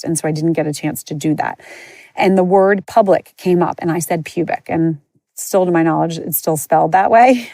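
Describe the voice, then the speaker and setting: Low-voiced woman telling her own story. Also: darkish tone, no echo. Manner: candid, chatty, frequent "like" and "you know". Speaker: podcast host. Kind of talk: personal storytelling.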